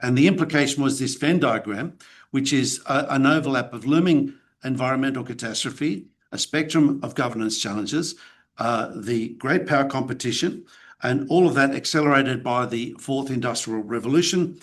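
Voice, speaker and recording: A man's voice: mid-range voice, normal speed. A middle-aged Australian man giving a conversational, self-deprecating academic presentation with some fillers. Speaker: guest lecturer.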